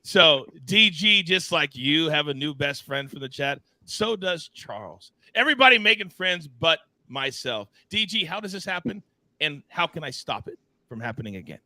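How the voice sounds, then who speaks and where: A man hosting a live sports betting show, teasing his co-hosts and reading chat in a playful, animated way. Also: a little high, normal speed, dry recording. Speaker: host.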